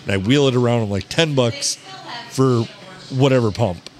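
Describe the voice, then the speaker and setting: A man hosting a podcast from a bar, telling a story in a casual, animated way, swearing and quoting people. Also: mid-range voice, moderate pace. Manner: swearing, animated anecdote teller who quotes people. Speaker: podcast host.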